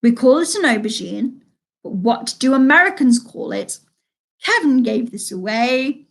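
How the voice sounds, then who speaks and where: A chatty woman hosts a live online pub quiz from home, reading each question and answer twice. Her voice sits a little high, and she stops often to comment on players' scores. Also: animated, normal speed, gravelly. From United Kingdom. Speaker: quiz host. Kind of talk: casual live quiz hosting.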